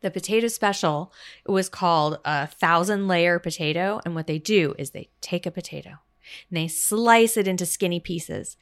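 A woman co-hosts a podcast in casual chat, her voice fairly low and her speed normal. She talks chattily and enthusiastically about restaurant meals.

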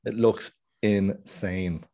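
A man from Ireland co-hosting a podcast, laid-back and quick to laugh in casual chat. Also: on the low side, fairly even intonation, mellow. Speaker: podcast co-host.

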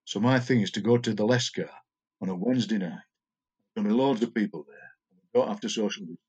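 Older man, low husky voice, enthusiastic chatty interview guest. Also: fairly quick, a little mellow. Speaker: poet guest. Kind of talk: casual interview chat.

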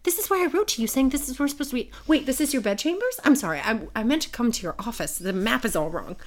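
A woman's voice: medium pitch, animated, fast talker, close to an everyday voice. A woman voicing an indignant young Regency noblewoman who talks in an exasperated, emphatic way. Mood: flustered.

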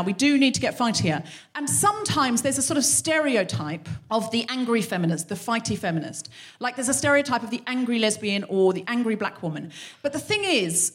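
A woman hosting a live show, delivering an animated, sweary comic monologue on stage. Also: fairly high pitch. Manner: animated, sweary, acts out quoted voices. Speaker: podcast host.

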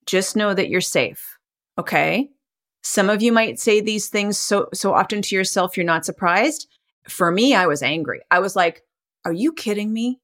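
A woman's voice: mid-range voice, lively intonation, moderate pace, fairly bright tone. A middle-aged woman hosting a podcast, guiding listeners through a self-help exercise in an encouraging, conversational way and laughing often. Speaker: podcast host and coach.

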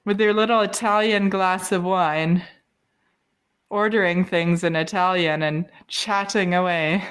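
A woman's voice: lowish voice, steady tone, fairly bright tone, clean tone. A woman co-hosting a podcast, chatting casually and telling stories with frequent giggles. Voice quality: quick, giggly storytelling. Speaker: podcast co-host. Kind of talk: casual chat.

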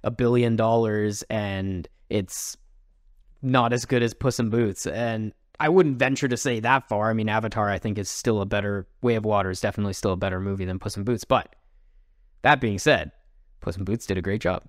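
A man's voice: on the low side, normal speed, no room sound, clean studio sound. A man co-hosting a podcast, chatting casually, upbeat and often laughing. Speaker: podcast co-host. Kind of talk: casual chat.

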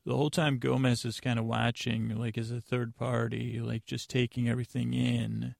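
Man, podcast host, meandering comedic recap, deadpan, dry close-miked sound, very gravelly. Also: mid-range voice, moderate pace, no room sound. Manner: deadpan, meandering, with many fillers and restarts. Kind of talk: rambling comedic episode recap.

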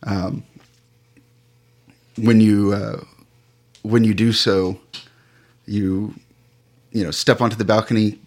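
Low-voiced man running a tabletop game. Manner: relaxed, halting narration with many fillers. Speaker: game master.

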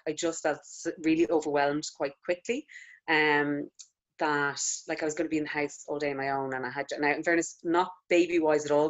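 A woman's voice: low voice, highs cut off. A woman in her thirties with an Irish accent, a lactation consultant chatting casually as an interview guest. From Ireland. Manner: chatty, filler-heavy storytelling with frequent "like".

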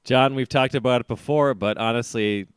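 A man's voice: medium pitch, normal speed, clear, resonant tone, no room sound. A man co-hosting a sports podcast, rambling and teasing, laughing often. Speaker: podcast co-host. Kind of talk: casual sports banter.

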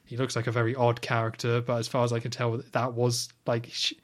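Male podcast co-host, wry film recapper, mid-pitched, chatty and amused. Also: brisk. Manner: wry, animated recapping with quoted lines. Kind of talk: casual film review chat.

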